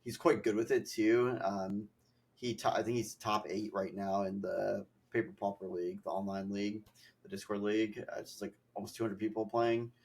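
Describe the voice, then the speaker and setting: A man's voice: lowish voice, little pitch movement, moderate pace, gravelly, darkish tone. A young man who is a podcast host, chatting casually and rambling with many fillers, a bit stuffy from allergies. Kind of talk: casual chat.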